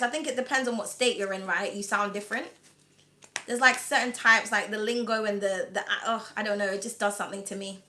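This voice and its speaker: A faint hiss or hum sits under this British woman's sharp, slightly high, slightly whiny voice. Reading tarot live, she chats and rambles, leaning on fillers like "um" and "like" and laughing a lot.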